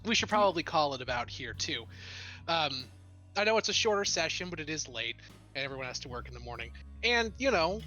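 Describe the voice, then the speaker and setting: A man's voice: a little high, sing-song, brisk, sharp tone, faint music behind. A man narrating as game master of a tabletop game, playful and often laughing.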